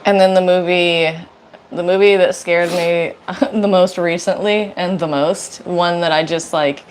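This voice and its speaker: Low-voiced woman co-hosting a stream. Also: fairly even intonation, unhurried, slight background noise. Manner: laughs often, chatty. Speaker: livestream co-host. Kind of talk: casual chat.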